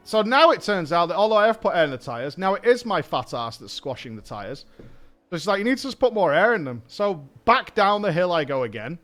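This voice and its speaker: A man tells a long story to his audience, his voice high and swinging all over the place. He swears freely and keeps slipping into impressions of the people he met. Faint music plays underneath. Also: fairly bright tone. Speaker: streamer host. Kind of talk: casual storytelling chat.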